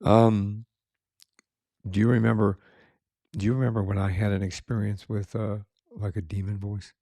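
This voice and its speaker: Low gravelly man chatting casually. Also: flat delivery, normal speed, mellow, no room sound, clean studio sound. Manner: rambling, many fillers. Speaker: podcast co-host. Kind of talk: casual after-show chat.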